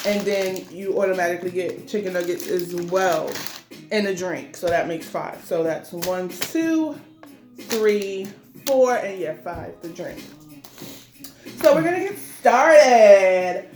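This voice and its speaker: A woman's voice: medium pitch, noisy background. Rambling woman chatting over food, roomy echo. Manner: chatty, loose and rambling, full of fillers. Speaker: mukbang co-host. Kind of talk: casual chat while eating.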